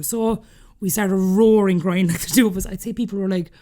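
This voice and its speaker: A woman from Ireland with a Cork accent, in her thirties, rattles through a story at a quick clip. She is a guest on a podcast, chatting freely and breaking into laughter between phrases. Her voice sits at an ordinary middle pitch for a woman. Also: steady tone, warm tone. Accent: Irish, Cork. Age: 30s. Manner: chatty, laughing often while telling stories. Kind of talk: casual storytelling interview.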